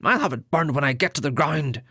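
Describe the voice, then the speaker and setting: Man voicing a young male priest, high-pitched, nasal, angry, shouting, storybook figure. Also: animated, a little fast, husky, no room sound, studio quality, heavily acted. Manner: shouting angrily.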